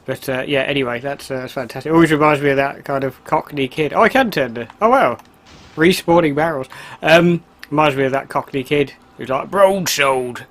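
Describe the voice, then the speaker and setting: A man giving casual, chatty commentary while playing a video game, excitable and quick to laugh. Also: fairly high pitch. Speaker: let's play gamer.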